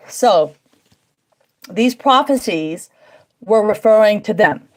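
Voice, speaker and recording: A woman's voice: medium pitch, animated, drawn-out words, pauses often. A woman hosting a livestream from home, talking in an emphatic, repetitive, preaching way. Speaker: livestream host. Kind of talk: casual livestream monologue. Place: at home indoors.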